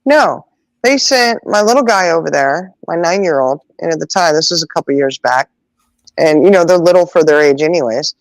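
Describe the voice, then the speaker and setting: Animated woman telling stories. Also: sits low, dry recording, poor audio. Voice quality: animated, acts out voices in quotes. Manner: laughs often, drawn-out exclamations. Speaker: podcast host. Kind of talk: casual chat, storytelling.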